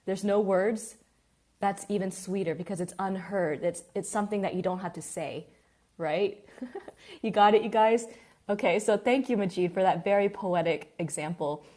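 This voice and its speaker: A woman teaching a live online English class, chatty and lively, greeting students by name as they join. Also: mid-range voice, moderate pace.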